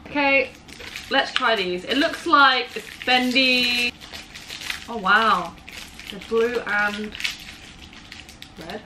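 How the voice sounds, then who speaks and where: A woman's voice: on the high side, extremely slow, long pauses. Chatty English young woman, noisy room. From England. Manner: chatty, laughs easily, teasing. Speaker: vlogger. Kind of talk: casual taste-test chat. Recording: noisy home recording.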